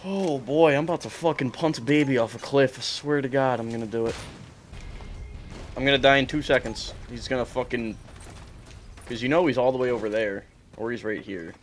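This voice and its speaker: A man's voice: mid-range voice, a little fast, slight background noise. A young man ranting and swearing in frustration while commenting on his own gameplay. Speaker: gaming streamer.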